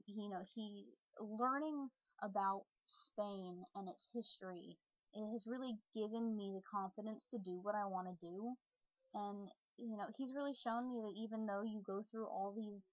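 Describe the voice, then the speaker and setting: A woman's voice: mid-range voice, no echo, lo-fi sound. A young adult woman rambling casually to her followers, full of fillers and restarts. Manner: chatty, many fillers and restarts. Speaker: vlogger and online role-player.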